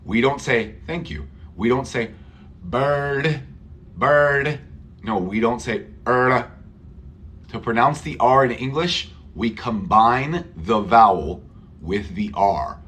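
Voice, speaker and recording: A man teaching English pronunciation in a live online class, who repeats words slowly for Spanish-speaking learners. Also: medium pitch, lively intonation, fairly bright tone.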